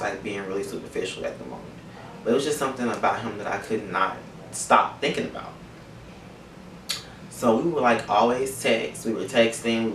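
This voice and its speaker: A man's voice: lowish voice, a bit bright, slight background noise. Chatty young man, roomy distant sound. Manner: chatty, candid, profane, emotional. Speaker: vlogger. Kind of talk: casual storytelling.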